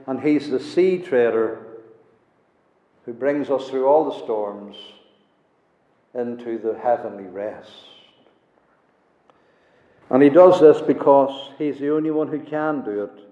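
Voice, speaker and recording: A man's voice: medium pitch, measured pace, long pauses, warm tone. A man preaching a sermon, emphatic and repeating his key words for weight. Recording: echoey hall, dull lo-fi sound.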